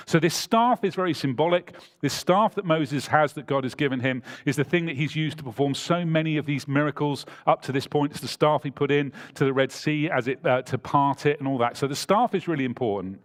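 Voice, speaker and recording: Male pastor, sermon delivery, higher-pitched, very animated intonation. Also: normal speed. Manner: expressive preaching, reading scripture aloud with emphasis. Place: church.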